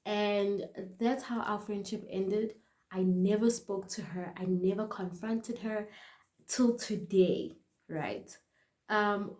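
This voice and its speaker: A South African woman vlogger telling a storytime casually and chattily, often dropping to a quiet aside. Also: mid-range voice, steady tone, takes it slowly, roomy sound.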